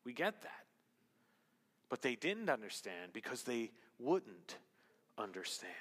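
A man preaching a sermon as pastor, emphatic, rising to loud, high exclamations and dropping to quiet, low stretches. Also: big pitch swings, slow pace. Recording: long reverb of a large hall.

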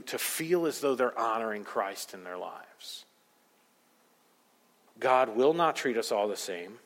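A man preaching a sermon as pastor, emphatic, swinging between loud rising peaks and quiet low asides. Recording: long hall reverb.

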